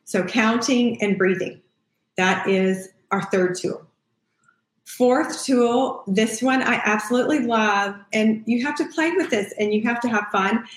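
A woman's voice: fairly high pitch, unhurried. Chatty woman podcaster in an echoey room. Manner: warm, conversational, acts out what she says to kids. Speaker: parenting podcast host and child therapist. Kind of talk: casual advice talk.

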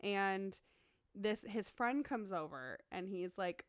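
A woman's voice: medium pitch, slow, clear, resonant tone, dry recording, studio quality. A young woman chatting casually and telling a story with lots of acted-out quotes. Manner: animated storyteller, acts out quotes. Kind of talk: casual chat.

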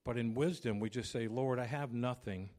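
A man in his fifties preaches as pastor, his medium-pitched voice moving at normal speed. He's naturally loud and acts out arguments between family members in animated stories.

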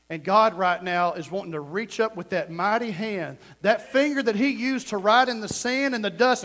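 A man preaching a fervent sermon as pastor, dropping to a hush and then rising to shouts. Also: high voice. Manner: fervent, swings from hushed to shouting.

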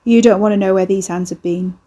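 A woman's voice: mid-range voice, fairly even intonation, brisk, warm tone, close to an everyday voice. A woman voicing a sardonic young man who works curses, mocking, offhand and crude.

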